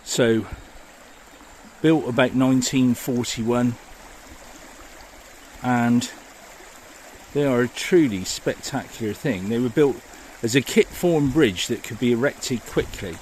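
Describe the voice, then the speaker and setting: A man's voice: mid-range voice, slow, long pauses, a little mellow, a little hiss or hum. A man narrating a walking history vlog outdoors by a river, enthusiastic and marvelling. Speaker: walking vlogger. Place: outdoors by a river and woodland path.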